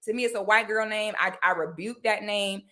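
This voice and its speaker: A woman from Florida talks straight to camera in a casual vlog. Her voice is bright and her delivery blunt and emphatic. She keeps checking in with her viewers, asking "okay?" as she goes. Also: mid-range voice, brisk. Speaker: commentary vlogger. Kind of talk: casual direct-to-camera talk.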